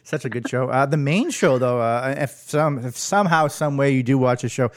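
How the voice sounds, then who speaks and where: A man's voice: medium pitch, moderate pace. A man hosting a casual podcast, rambling with many fillers. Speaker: podcast host.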